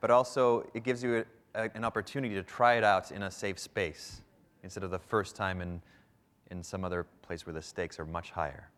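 A man's voice: deep voice, fairly even intonation, fairly quick, a bit bright. Emphatic man coaching a speaking workshop. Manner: emphatic, varies pace to stress points. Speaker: public speaking trainer. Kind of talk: workshop instruction to a live group.

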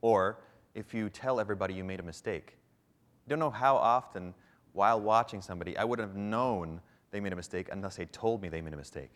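A Canadian man runs a public speaking workshop before a live audience, coaching in an animated way and stopping now and then to demonstrate. His voice is slightly low and his delivery brisk.

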